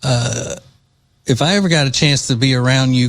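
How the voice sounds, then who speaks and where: A man's voice: mid-range voice, normal speed, soft background music. A male podcast host with a mid-range voice riffs in casual, opinionated commentary. He mocks and digresses freely, with sarcasm running through his delivery.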